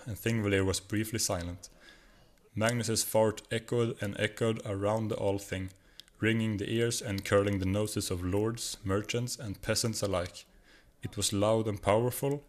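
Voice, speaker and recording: A man with a Swedish accent narrates a comic short story. His voice is low and his reading is steady and even. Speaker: guest reader.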